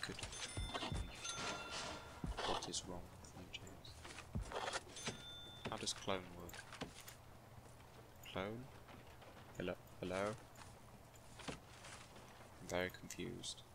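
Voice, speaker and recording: Slow, low-voiced joking gamer man. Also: creaky. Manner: jokey, self-mocking, rambling asides to himself. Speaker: let's play gamer. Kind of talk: casual gameplay commentary. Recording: steady background noise.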